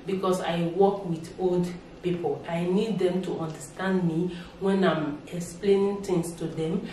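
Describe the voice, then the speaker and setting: A woman's voice: on the low side, fairly even intonation, a little slow, mellow, recorded from a distance, slight background noise. A woman with a Nigerian accent talking casually to camera, making her points emphatically, repeating herself and tagging lines with a rising "okay?". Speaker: vlogger. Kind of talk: casual reaction vlog talk. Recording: very echoey room, voice away from mic.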